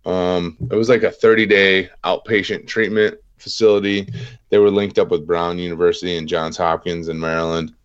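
Thirtysomething vet guy, really low voice, kinda muffled dull audio, laid-back storytelling. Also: level tone, normal speed, smooth. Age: 30s. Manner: plainspoken, self-deprecating, fillers and restarts. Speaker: podcast guest, Marine veteran. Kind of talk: casual storytelling interview.

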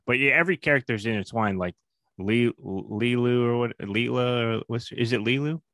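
A man's voice: mid-range voice, moderate pace, a bit bright, dry recording, clean studio sound. A man as a podcast guest in casual chat, rambling and correcting himself as he goes. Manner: rambling, self-correcting, chuckles.

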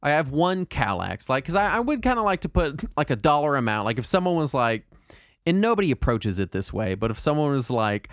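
A man co-hosting a casual podcast chat, talking in a rambling, animated way with lots of fillers and restarts. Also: a little high, fairly quick, no room sound, clean studio sound. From Texas. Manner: rambling, animated, puts on silly voices when quoting people. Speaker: podcast co-host.

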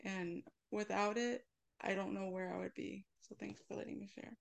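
A woman's voice: medium pitch, steady tone, normal speed, gravelly. A woman giving a candid, emotional personal share at a support meeting over a video call. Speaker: meeting speaker.

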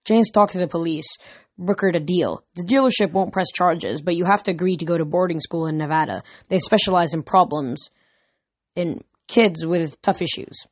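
A woman's voice: lowish voice, moderate pace, no echo, lightly acted. A woman reading the part of a worn-down middle-aged father who sounds tired and resigned, in a dry close recording. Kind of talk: audiobook character reading.

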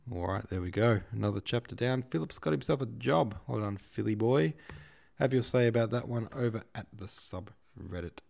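A man hosting a podcast, reading a classic novel aloud in a steady, measured way. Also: fairly low pitch, gravelly. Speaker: podcast host and reader.

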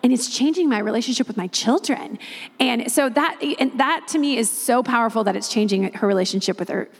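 A woman's voice: fairly high pitch, a little fast, vocal fry, long reverb tail. A woman missionary telling a testimony story, often retelling what others said in their own words.

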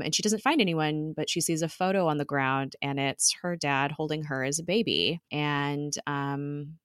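Young woman, low voice, chatty TV recap, dry close sound. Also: smooth, no room sound. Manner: animated, chatty recap with frequent fillers and laughs. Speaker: podcast co-host recapping a TV episode. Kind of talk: casual chat.

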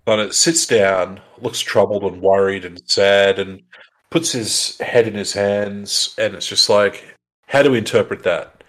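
A man's voice: lowish voice, fairly even intonation, measured pace, fairly bright tone. A man co-hosting a podcast, casually retelling an episode with lots of fillers and restarts. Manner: rambling, filler-heavy storytelling. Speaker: podcast co-host. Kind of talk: casual recap chat.

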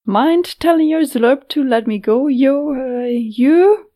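Cheeky young storybook warrior, high, joking, slow-spoken, read by a woman. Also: mellow. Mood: flippant. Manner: flippant, joking.

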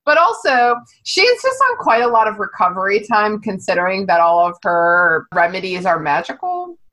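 A woman's voice: medium pitch, normal speed, rough recording. Laughing, swearing woman co-host. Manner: laughs a lot, swears, animated. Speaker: podcast co-host. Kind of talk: casual book-club chat.

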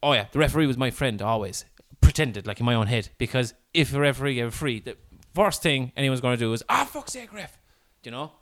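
A man's voice: mid-range voice, quick pace, few pauses. An Irish man hosting a comedy podcast, telling stories in casual, sweary chat and slipping into acted quotes.

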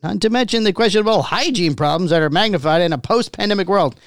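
A man hosting a casual podcast, reading out news stories in a jokey, animated way. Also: high-pitched, fast talker, dry recording, studio quality. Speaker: podcast host.

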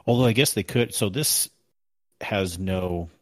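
A man co-hosts a casual gaming podcast, rambling and correcting himself while recalling story missions. He has a low-pitched voice and a measured pace, in a dry recording.

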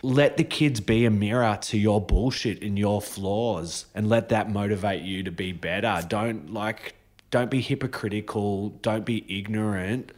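A man's voice: fairly low pitch, a little slow, darkish tone. A man talking as a podcast guest and father in a candid, chatty casual conversation. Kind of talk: casual chat.

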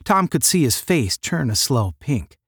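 A man reading a 1950s space-adventure novel aloud as narrator, with measured storytelling. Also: medium pitch, very animated, a bit bright, breathy edge, no room sound, clean studio sound.

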